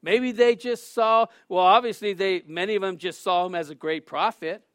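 A middle-aged man preaching a sermon as pastor, telling stories with lively acted-out quotes and laughter. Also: sits high, moderate pace, clean tone, no room sound, clean studio sound. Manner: animated storytelling, acts out quotes with shouts and laughs.

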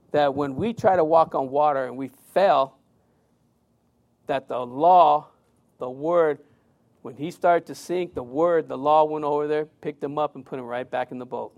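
A man preaching a sermon, telling a personal story in a conversational, animated way. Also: a little high, unhurried, pauses often.

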